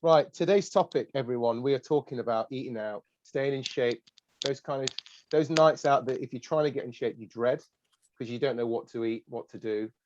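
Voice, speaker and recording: A man's voice: mid-range voice, brisk, lo-fi sound. English man, podcast co-host, teasing and jokey, faint background hiss. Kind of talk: casual podcast chat.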